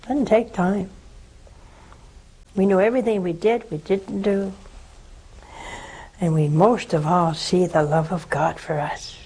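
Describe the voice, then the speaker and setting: An older woman speaks slowly and gently as a nun hosting a religious call-in program. She counsels with tender, pleading warmth and lingers on her words. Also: fairly low pitch, fairly even intonation, husky, low-quality recording. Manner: slow, tender, preaching.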